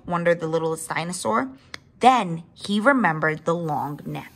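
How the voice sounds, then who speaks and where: Woman reader, children's story read-aloud, expressive, talks to kids. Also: lowish voice, a little slow. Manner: expressive, with asides to young listeners.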